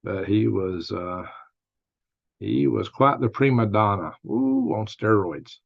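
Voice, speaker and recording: A man's voice: on the low side, very animated, slow pace, creaky, no room sound, dull audio. An older man hosting a casual live-stream, telling rambling stories and laughing at his own jokes. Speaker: host of a news and commentary stream.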